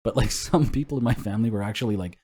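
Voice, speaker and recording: Low-voiced man telling rambling stories. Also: rapid-fire, dark tone, slightly rough. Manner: rambling storyteller, swears and laughs often. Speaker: podcast co-host. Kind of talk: casual podcast chat.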